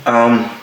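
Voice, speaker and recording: A young adult man hosts a casual, profane solo podcast rant from home, where the heat is off, animating his stories with acted-out quotes. His mid-range voice echoes around the room over background noise.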